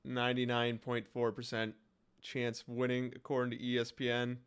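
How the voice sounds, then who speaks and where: A young man calls a football game live for his stream, reacting loudly to each play as his voice begins to wear thin. His tone stays smooth and clear, pitched in an ordinary middle range. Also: normal speed. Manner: excited commentary, reacting aloud to plays. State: voice starting to go.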